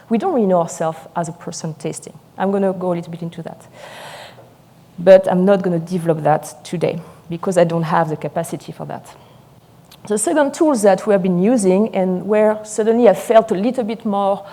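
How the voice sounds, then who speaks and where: A French-accented woman in her forties gives a live lecture, her words tumbling out quickly with eager excitement. Her voice is mellow and warm rather than bright. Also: medium pitch. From France. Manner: fast, excited, talkative. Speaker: sommelier lecturer.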